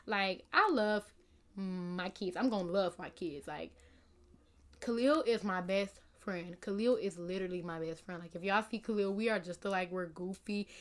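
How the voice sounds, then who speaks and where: Young woman, casual vlog chat, rambling, lots of fillers. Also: medium pitch. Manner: rambling, many "like" and "you know" fillers. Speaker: vlogger.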